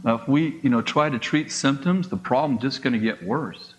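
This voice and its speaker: A middle-aged man, a pastor, preaching a conversational sermon with quick asides, acted-out dialogue and laughs. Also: medium pitch, lo-fi sound, a little hiss or hum.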